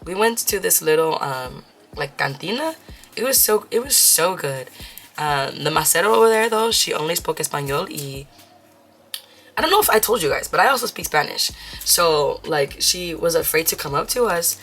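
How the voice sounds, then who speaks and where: Low-voiced chatty woman counting cash. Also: animated, normal speed, fairly bright tone, faint music behind. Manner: chatty, counts bills aloud, slips into Spanish phrases. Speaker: budgeting vlogger. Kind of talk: casual chat while counting cash.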